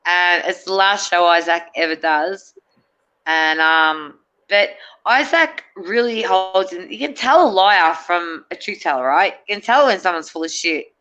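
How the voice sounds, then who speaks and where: A woman's voice: on the low side, measured pace, sharp tone, clean tone, lo-fi sound. A middle-aged woman, a guest in a casual chat, rambling and hesitant with many fillers and restarts.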